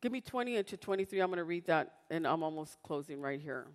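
A woman preaching a sermon, switching between loud, impassioned scripture reading and hushed personal storytelling. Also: low voice, lively intonation, fast talker, in a large hall.

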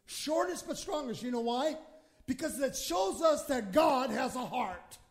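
A man preaching a sermon with a very high-pitched voice. He swings from quiet, drawn-out scripture reading to loud, fervent exclamations, and he acts out prayers as he goes. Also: expressive. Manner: impassioned preaching, swings from hushed to shouting; acts out quoted prayers in his own voice. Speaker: pastor.

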